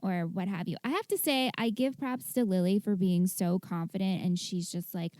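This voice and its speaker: A woman's voice: mid-range voice, normal speed, darkish tone, no echo, clean studio sound. A woman co-hosting a podcast, chatting casually, reacting and asking questions. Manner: conversational, reactive, asks questions. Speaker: podcast co-host. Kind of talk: casual chat.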